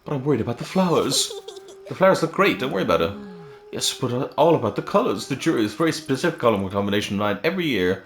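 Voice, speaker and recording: A man reading game dialogue aloud, voicing a friendly but fussy male ghost in a high, drawn-out, fretful voice. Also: very animated. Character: fussy friendly male ghost worried about his grave. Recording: roomy with faint game music.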